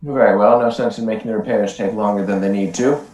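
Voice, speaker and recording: A man playing a ship captain in a tabletop game, calm and decisive. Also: on the low side, fast talker. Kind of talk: tabletop role-play. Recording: distant mic in echoey room.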